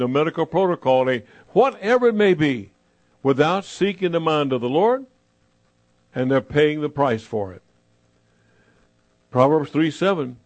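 A man preaching a sermon as pastor, emphatic, repeating his phrases and slowing down to stress them. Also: on the high side, darkish tone, no room sound.

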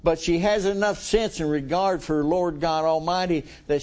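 A man's voice: fairly high pitch, steady tone, normal speed, few pauses, darkish tone. A middle-aged male preacher giving a folksy, conversational sermon, chuckling often and asking the congregation questions.

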